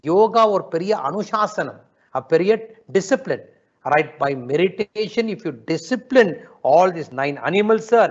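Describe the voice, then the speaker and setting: A man giving a lively spiritual talk, often asking his listeners questions. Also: high-pitched, highs cut off. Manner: lively, asks the audience questions, mixes in Tamil. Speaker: spiritual teacher. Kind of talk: spiritual talk to an online audience. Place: ashram.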